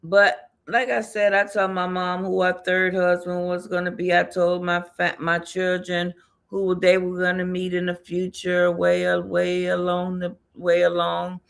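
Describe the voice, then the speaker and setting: Gravelly woman rambling thru a tarot reading, slow, mutters to herself a lot. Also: on the low side, monotone. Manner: rambling, repetitive, laughs often, mutters to herself. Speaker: tarot and numerology reader. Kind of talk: casual spiritual reading livestream.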